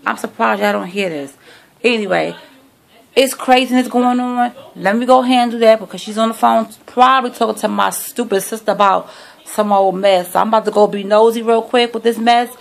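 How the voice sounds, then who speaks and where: A woman's voice: fairly high pitch, normal speed, vocal fry. A middle-aged woman chatting sassily to camera about her shopping haul, recorded on a phone at home. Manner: chatty, sassy, talks to viewers like friends. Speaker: vlogger showing a shopping haul. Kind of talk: casual chat to camera.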